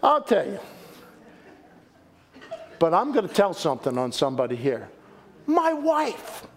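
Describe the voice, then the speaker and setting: A middle-aged man preaching a sermon as pastor, animated and folksy, with joking asides and repeated phrases. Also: high voice, a little slow.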